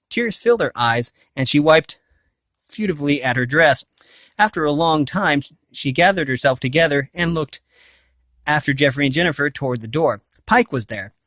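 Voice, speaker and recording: A man's voice: a little high, fairly bright tone, dry recording. A man reading a novel aloud, often stumbling, restarting and correcting himself. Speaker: reader of a novel. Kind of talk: amateur audiobook reading.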